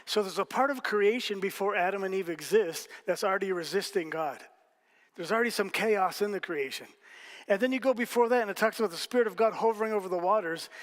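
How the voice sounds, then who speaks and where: A man's voice: sits high, quick pace. A man preaching a sermon as pastor, telling stories casually with jokes and asides to the congregation. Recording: hall reverb.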